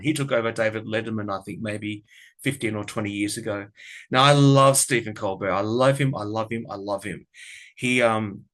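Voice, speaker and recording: A man's voice: medium pitch, fairly bright tone. An Australian man chatting casually to camera about politics, rambling and frank. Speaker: tarot and political commentary vlogger.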